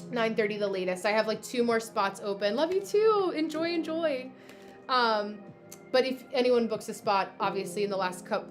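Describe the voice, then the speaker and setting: A young woman from New Jersey with a New Jersey accent, hosting a casual astrology livestream and chatting with viewers by name, full of fillers. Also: medium pitch. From New Jersey, USA. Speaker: livestream host, astrology reader. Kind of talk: casual livestream chat reading comments.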